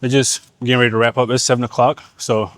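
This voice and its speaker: A young man explaining leg exercises in a gym, in relaxed slangy talk, at times out of breath. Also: mid-range voice, fast talker, no room sound. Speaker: fitness vlogger. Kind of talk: casual gym coaching vlog.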